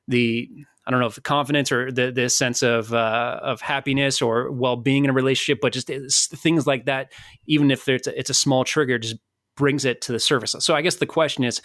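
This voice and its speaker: A man's voice: medium pitch, fairly bright tone, no echo, studio quality. A man hosting a podcast interview, asking long, thoughtful questions with frequent restarts. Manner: thoughtful, halting, many restarts. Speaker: podcast host.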